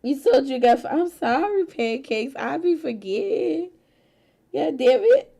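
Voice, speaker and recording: A woman's voice: high voice, expressive, a little slow, gravelly, dark tone. A woman hosting a casual stream chat, laughing often, swearing freely and teasing her friends. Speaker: streamer host.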